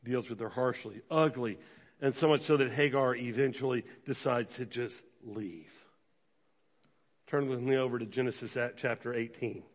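A pastor preaching a sermon, animated and conversational, slipping into quick quoted voices for the people in the story. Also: male voice, medium pitch. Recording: long hall reverb.

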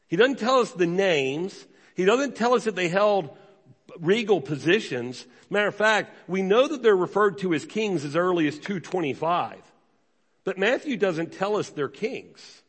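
A pastor giving a sermon, emphatic and conversational, asking the congregation rhetorical questions. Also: male voice, sits high, very animated, a little slow, fairly bright tone, breathy edge, big-room sound.

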